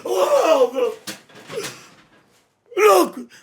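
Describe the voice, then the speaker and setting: A man reacting live to comic chapters, shouting and emotional, swearing and reading panels aloud. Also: very high voice, drawn-out words, creaky.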